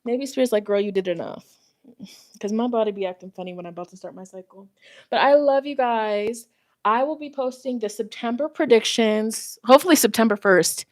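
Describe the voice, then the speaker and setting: A woman's voice: on the high side, fairly quick, dry recording. A woman tarot reader chatting casually with her livestream viewers, out of breath, giggly and talkative, speaking close to her phone microphone at home. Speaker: tarot reader and spiritual host. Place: at home, walking around. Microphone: phone microphone held close.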